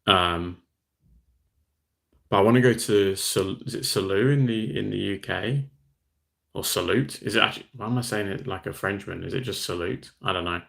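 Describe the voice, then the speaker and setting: A young Western Australian man hosts a casual livestream, chatting easily as he reads out and answers viewer comments. His voice is fairly low, creaky and fairly bright, at normal speed with long pauses.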